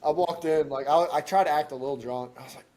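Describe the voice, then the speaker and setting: A young male guest chats on a podcast in a laid-back, slangy way. His voice is a touch high, and he tells his story loosely. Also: fast, mellow. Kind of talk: casual podcast chat.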